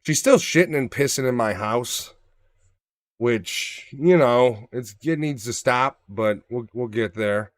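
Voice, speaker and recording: A man in casual podcast chat, swearing often and acting out his pets with big jumps in voice. His voice sits at an ordinary pitch and sounds dry and close, with no room around it. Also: slow, dry recording. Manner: profane, animated storytelling, acts out his dogs. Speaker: podcast co-host.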